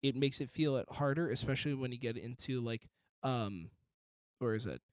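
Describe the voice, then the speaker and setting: A man's voice: mid-range voice, normal speed, clean tone, no echo. A man reviewing a song in casual commentary, encouraging and detailed about vocal technique.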